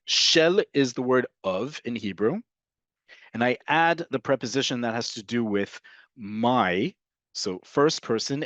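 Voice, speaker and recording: A man teaching an online language lesson, explaining slowly and repeating each example. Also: medium pitch, dry recording. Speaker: Hebrew teacher.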